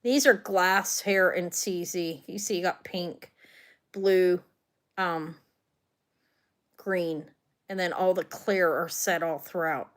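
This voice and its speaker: A woman's voice: on the low side, fairly even intonation, slow, pauses often. A woman hosting a live online jewelry sale, chatting loosely and often trailing off mid-sentence. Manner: chatty, rambling, trails off and restarts.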